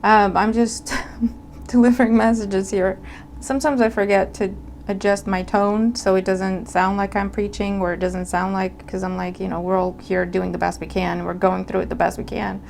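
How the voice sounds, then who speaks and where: Woman, tarot reader, chatty, checks in with listeners, mid-pitched voice. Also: flat delivery, moderate pace, creaky, a little mellow, slight background noise. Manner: conversational, checks in with listeners often. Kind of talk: casual tarot reading.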